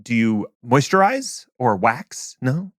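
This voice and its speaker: A man's voice: medium pitch, sing-song, a bit bright, no room sound, studio quality. Playful man hosting a podcast. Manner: jokey, playful, quick to laugh. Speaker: podcast host. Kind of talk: casual podcast chat. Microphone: remote call.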